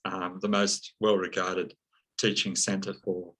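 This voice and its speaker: A man speaking as an interview guest, slow and reflective, with many pauses and fillers. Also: deep voice, flat delivery, a bit bright, low-quality recording. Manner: slow, thoughtful, many ums and uhs. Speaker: psychologist and counseling teacher, guest.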